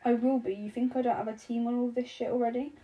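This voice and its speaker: A woman's voice: fairly high pitch, flat delivery, fast talker, lo-fi sound, soft background music, lightly acted. A woman voicing a furious woman president. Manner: shouting, clipped and cursing. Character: furious middle-aged woman president, sharp-tongued.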